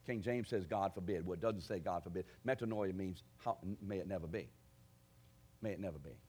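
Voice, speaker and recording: A man preaching a sermon, asking his congregation direct questions and building to forceful declarations. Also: deep voice, brisk, slightly rough. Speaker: pastor.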